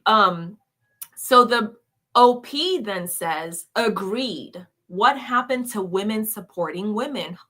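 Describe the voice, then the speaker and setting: A woman hosts a casual commentary livestream, reading viewer comments aloud and reacting with laughs and exclamations, often calling everyone "y'all." Her medium-pitched voice is animated, bright, and forceful, and she takes it slowly.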